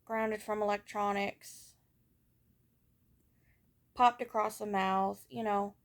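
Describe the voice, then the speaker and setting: A woman's voice: medium pitch, flat delivery, takes it slowly. A young woman talking candidly about her childhood in a personal vlog, rambling a little with frequent fillers. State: has hiccups. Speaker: vlogger. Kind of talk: personal storytelling to camera.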